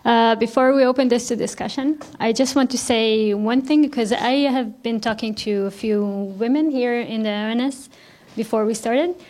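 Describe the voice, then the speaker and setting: A woman's voice: on the high side, moderate pace, a little mellow, slight background noise. A woman moderating a round-table talk, speaking in a friendly, informal way. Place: lecture room.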